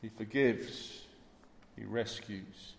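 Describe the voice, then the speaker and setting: Earnest guy preaching in a church, slow, lots of echo. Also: lowish voice, fairly even intonation, creaky, a little hiss or hum. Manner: earnest, dwelling on repeated phrases. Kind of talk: sermon.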